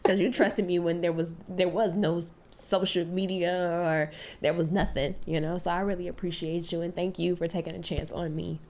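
A woman's voice: lowish voice, level tone, moderate pace, few pauses, a little mellow. A woman hosting a podcast, chatting casually and effusively with her guest and laughing often. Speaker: podcast host. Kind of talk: warm casual interview chat.

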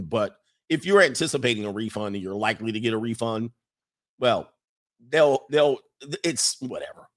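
A man with a mid-range voice hosts a streaming podcast, casually working through viewer questions. He is animated, laughs often, and repeats points for emphasis.

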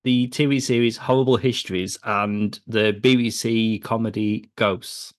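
A man's voice: lowish voice, fairly even intonation, measured pace. A man co-hosting a podcast, chatting casually about a film and rambling through the cast with frequent laughs. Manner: rambling, laughs often, lists cast members. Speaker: podcast co-host. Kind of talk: casual film review chat.

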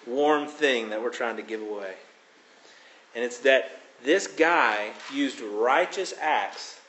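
A man preaching a sermon, expounding on scripture with expressive emphasis and dramatic quotes. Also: mid-range voice. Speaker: pastor. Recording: echoey room.

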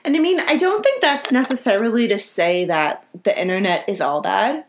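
A woman's voice: medium pitch, expressive, normal speed, slight background noise. A young woman co-hosting a casual podcast who laughs often and talks animatedly. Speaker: podcast co-host.

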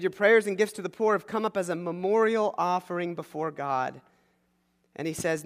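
A pastor with a fairly high-pitched voice preaches a sermon, retelling a story animatedly and acting out the voices of its characters. A long reverb tail trails his words.

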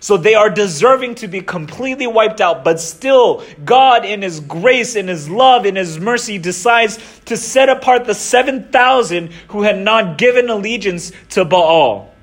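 A young man with a high voice preaching a relaxed, conversational sermon. He retells the old stories in slangy everyday words, often restarting his sentences as he goes. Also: unhurried, few pauses. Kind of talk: casual sermon.

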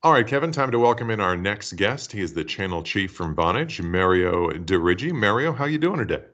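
A man's voice: fairly low pitch, very animated, fairly quick, fairly bright tone, lo-fi sound. A man co-hosting a podcast, moving between a comedy skit and a guest interview with dry, pedantic asides. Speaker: podcast co-host.

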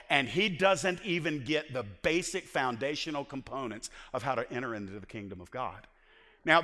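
A man preaching a sermon as pastor, swinging from shouted points to hushed asides and acting out the voices he quotes. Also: a little high, in a large hall.

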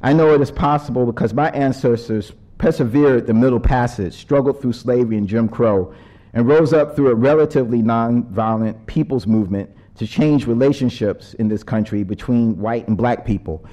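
A man giving a prepared speech as a panel speaker. His measured, earnest delivery turns loose and conversational when he strays from his text. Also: medium pitch, warm tone. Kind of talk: prepared speech with ad-libbed asides.

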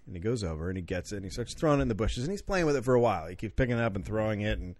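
Male podcast co-host, self-mocking storyteller, animated pitch, dry booth sound. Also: racing, no echo. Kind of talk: casual chat.

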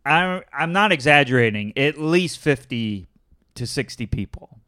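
A man in a relaxed conversation, telling a story with lively acted-out quotes. His voice is smooth and clear, and his pitch sits in the middle. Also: measured pace. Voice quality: animated storyteller, acts out quotes in raised voices. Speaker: storyteller in a podcast chat. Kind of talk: casual chat.

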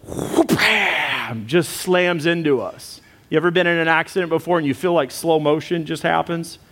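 Middle-aged pastor, slightly high voice, animated sermon storyteller. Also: male voice, moderate pace.

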